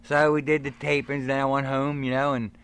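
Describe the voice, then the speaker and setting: A man's voice: mid-range voice, brisk, clear, resonant tone. A middle-aged man and former pro wrestler telling a backstage story in casual chat, acting out the voices of the people in it. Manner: animated storyteller who acts out the voices of others.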